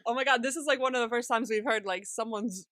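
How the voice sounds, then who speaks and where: A woman's voice: a little high, quick pace, a bit bright, no room sound. A woman co-hosting a podcast, recapping an episode in casual chat, laughing often and acting out the characters' lines with plenty of swearing. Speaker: podcast co-host.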